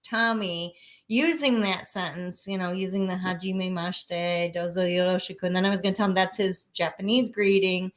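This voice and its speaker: Chatty middle-aged American woman. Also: medium pitch. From USA. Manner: chatty, laughs a lot, halting when trying Japanese. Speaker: guest, host's mother. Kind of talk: casual chat.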